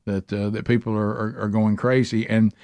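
A man's voice: on the low side, level tone, moderate pace, a little mellow, no echo. A man co-hosting a talk radio show in casual banter, often stopping to restart, with many fillers.

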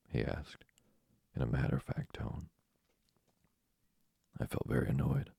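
A man narrating an audiobook in a measured, wry first-person reading. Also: a bass voice, animated, creaky, a little mellow, slightly rough, no room sound.

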